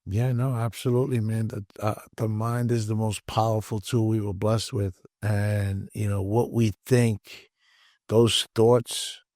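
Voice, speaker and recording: A man's voice: fairly low pitch, flat delivery, measured pace, a little mellow, no room sound, studio quality. Reflective male podcast host. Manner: affirming, reflective, some stammering restarts. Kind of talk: conversational interview.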